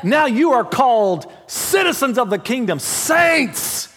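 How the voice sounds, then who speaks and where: A man preaching a sermon as pastor, mixing humorous family stories with hushed prayer. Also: extremely high pitch, big pitch swings, slow, breathy edge, soft background music. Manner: dramatic swings from loud to hushed prayer; humorous storytelling with laughs. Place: church sanctuary. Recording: long hall reverb.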